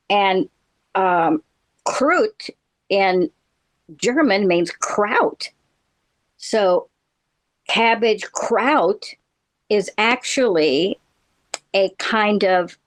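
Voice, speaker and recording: A middle-aged woman, a therapist co-hosting a podcast, chatting playfully and explaining things at length. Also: medium pitch. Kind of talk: casual chat.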